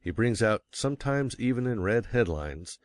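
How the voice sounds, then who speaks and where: A man reading a nonfiction book aloud as an audiobook narrator, measured and stressing key words. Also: medium pitch, lively intonation. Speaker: audiobook reader. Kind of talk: scripted narration.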